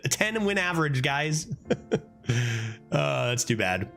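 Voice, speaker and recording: Over soft background music, a man with a gravelly, mid-range voice speaks slowly while streaming a card game. He chats casually and animatedly about the play, cursing often and breaking into laughing outbursts.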